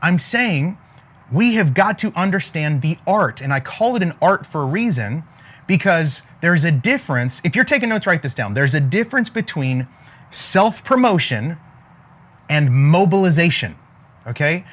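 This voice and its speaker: A man's voice: fairly high pitch, sing-song, moderate pace, a bit bright. A man giving a preachy, emphatic motivational talk to camera as a faith-based business coach, with a sermon-like cadence and frequent asides to his listeners.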